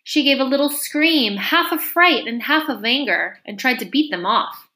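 A woman reading a classic storybook aloud in an expressive, animated narration. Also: high-pitched, moderate pace.

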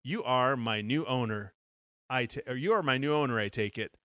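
A man's voice: medium pitch, moderate pace, bright, forceful tone, no room sound, clean studio sound, close to an everyday voice. A man voicing an old, prim talking parrot-head umbrella in a read-aloud children's adventure. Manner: prim, fussy.

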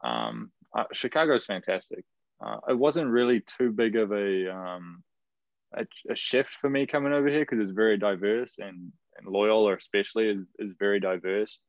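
A young man in his twenties with a New Zealand accent, telling stories as a guest in a casual interview, chatty and quick to laugh, heard over a video call. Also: fairly low pitch, expressive, gravelly, no room sound. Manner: chatty, laughs often, many fillers and restarts. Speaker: guest, professional footballer. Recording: dull lo-fi video call audio.

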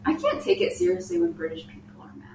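A woman's voice: very high-pitched, expressive, fast, darkish tone. A young woman co-hosting a casual podcast, teasing and asking lots of questions. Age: young adult. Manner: joking, teasing, asks many questions. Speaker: podcast co-host. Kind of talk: casual chat. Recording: echoey room, mic far off, faint noise.

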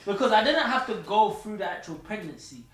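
A man's voice: sits high, animated, a little fast, fairly bright tone. A man in a casual podcast chat, bantering in slang and laughing as he tells stories. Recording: roomy echo with a crowd behind.

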